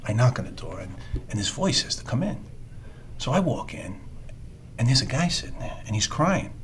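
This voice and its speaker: An actor playing a world-weary police detective who tells rambling, sardonic street stories. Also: male voice, mid-range voice, big pitch swings, moderate pace, a little hiss or hum, lightly acted. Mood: storytelling. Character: wisecracking world-weary male NYC cop. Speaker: police detective under evaluation. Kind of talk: film dialogue, storytelling monologue.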